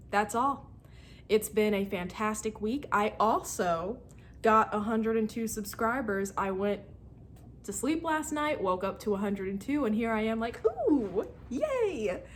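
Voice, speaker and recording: A young woman in her twenties chats through her week in a casual vlog, her voice sitting at an ordinary middle pitch. She tells stories with a lot of energy and slips into playful voices for her friends. A faint hiss sits under the recording. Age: 20s. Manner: animated, laughs while retelling a game and acts out friends' lines. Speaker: student vlogger.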